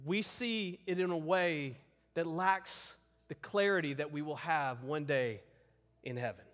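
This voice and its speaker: Male pastor, earnest sermon delivery with emphatic repetition; high voice, long church reverb. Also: a bit bright. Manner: earnest, emphatic, repeats words for stress.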